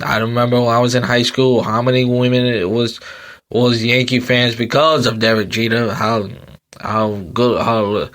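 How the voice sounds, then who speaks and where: A man's voice: medium pitch, a bit bright. A man in his thirties hosting a sports podcast, talking in a loose, rambling rant with many repeats and fillers, tired and yawning. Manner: rambling, repeats himself, frequent um and you know. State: sleepy, yawning. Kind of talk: casual sports commentary rant.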